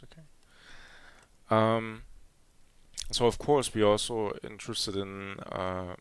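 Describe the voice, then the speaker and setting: A man's voice: fairly low pitch, a bit bright, clean tone, no room sound. A man giving a live coding demo at a conference, talking hesitantly with many fillers and restarts. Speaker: conference speaker. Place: conference hall.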